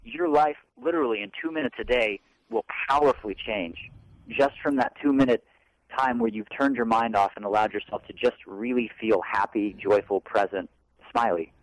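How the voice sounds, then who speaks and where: Male co-host, earnest and rambling, plays out his inner voices; middle-pitched, dry sound. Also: expressive, moderate pace, no echo, low-quality recording. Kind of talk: casual self-help talk show.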